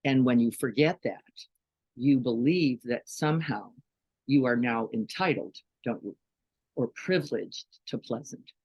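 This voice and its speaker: A woman's voice: a bass voice, unhurried, breathy edge, dry recording, muffled recording. A woman giving a conversational dharma talk as a meditation teacher, often checking in with listeners with questions and "right?". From Chicago, United States.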